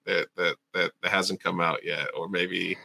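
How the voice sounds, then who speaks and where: A man's voice: low voice, level tone, unhurried, gravelly, bright, forceful tone. A man co-hosting a podcast in casual chat, hesitant and hedging, full of fillers and restarts. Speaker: podcast co-host.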